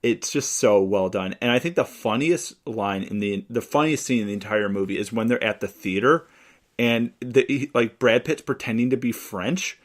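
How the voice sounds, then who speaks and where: Enthusiastic young man, mid-pitched. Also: moderate pace. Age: young adult. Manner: enthusiastic, animated retelling of favorite scenes. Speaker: podcast co-host. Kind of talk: casual movie chat.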